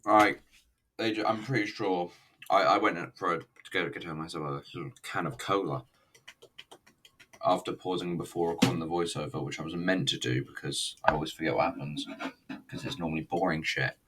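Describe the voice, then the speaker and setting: A man with a slightly low voice gives casual commentary while he watches and reviews a recorded show. He rambles, swears freely and keeps a sarcastic edge. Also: normal speed, background noise. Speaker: wrestling reviewer.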